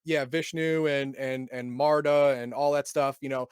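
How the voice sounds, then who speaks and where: A man's voice: medium pitch, fairly even intonation, moderate pace, clean tone, no echo, clean studio sound. A man hosting a casual chat, reading passages from a game book aloud and adding sarcastic asides, often stumbling and repeating words. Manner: sarcastic, reads passages then adds wry asides. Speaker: podcast host reviewing a game book.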